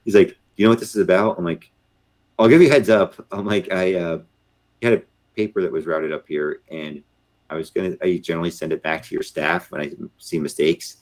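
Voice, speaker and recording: A man's voice: low-pitched, fairly even intonation, brisk. A middle-aged man, a former Marine officer, telling a story in a casual interview and acting out the voices of the people in it. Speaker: podcast guest, retired Marine officer.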